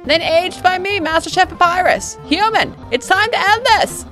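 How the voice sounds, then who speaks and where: A woman voicing a loud, vain, boastful skeleton man from a video game, in a brash theatrical way. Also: very high-pitched, lively intonation, moderate pace, faint music behind, pitched above the performer's own voice. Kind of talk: game dialogue read aloud in character.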